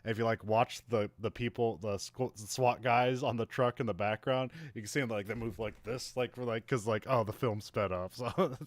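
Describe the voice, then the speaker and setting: A man's voice: medium pitch, fairly even intonation, normal speed, hardly any pauses, no room sound. A man recapping a movie in casual podcast chat, rambling with lots of fillers and frequent chuckles. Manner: rambling, laughs often, many fillers. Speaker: podcast co-host.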